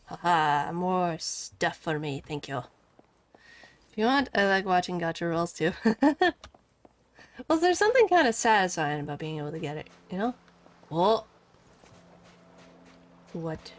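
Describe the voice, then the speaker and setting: A woman's voice: on the low side, sing-song, measured pace, pauses often, faint music behind. A woman chatting casually and giggling while live streaming a game, rambling and talking back to the game.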